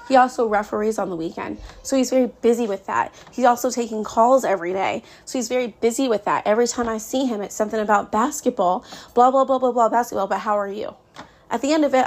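Candid, venting mom podcaster with gravelly voice. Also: female voice, fairly high pitch. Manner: candid and venting, with frequent laughs. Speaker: podcast host. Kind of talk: casual podcast monologue.

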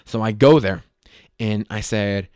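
A young man hosting a podcast, telling a comedic story in a casual way. He swears often, talks in an animated way and mocks himself. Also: fairly low pitch, measured pace, no echo, studio quality. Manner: profane, animated, self-mocking. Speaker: podcast host.

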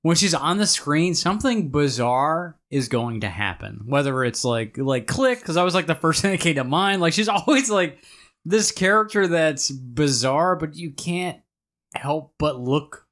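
A man's voice: fairly high pitch, expressive, unhurried, fairly bright tone. A man chatting on a podcast, speaking hesitantly and searching for his words. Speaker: podcast co-host. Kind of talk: casual movie chat.

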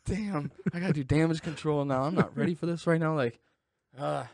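A man's voice: fairly high pitch, fairly quick, a little mellow, no echo. A man in his thirties telling a story in a casual, laid-back way, swearing and saying "dude" often.

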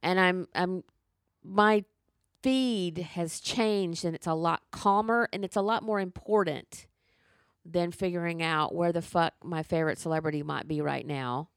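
A woman's voice: lowish voice, unhurried, smooth, dry recording, clean studio sound. A middle-aged woman ranting in casual chat, profane and emphatic.

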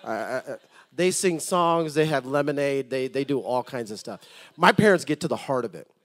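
A man preaching a sermon to his congregation, swinging from loud appeals to soft, hushed storytelling and repeating words as he starts a thought. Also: mid-range voice, expressive, moderate pace.

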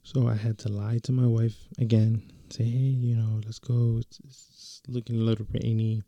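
A man's voice: medium pitch, little pitch movement, normal speed, warm tone, no room sound, lo-fi sound. A young man telling a story in a casual, slangy way, full of fillers and restarts.

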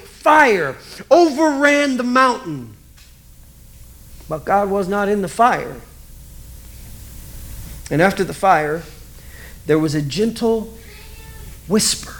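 Male pastor, 40s-50s, casual animated sermon delivery, high pitch. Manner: conversational, animated, acts out scenes.

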